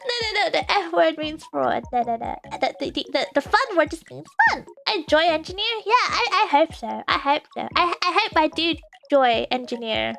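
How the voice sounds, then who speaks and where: A woman's voice: high voice, very animated, moderate pace, gravelly, hardly any pauses, a bit bright. A young woman hosting a casual live stream, teasing her chat playfully, laughing often and stumbling over her words. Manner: playful stammering restarts. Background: faint background music.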